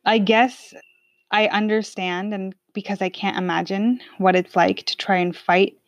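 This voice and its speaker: A woman's voice: mid-range voice, level tone, measured pace, dry recording. A woman telling a personal story in a casual, candid and reflective way, with some swearing.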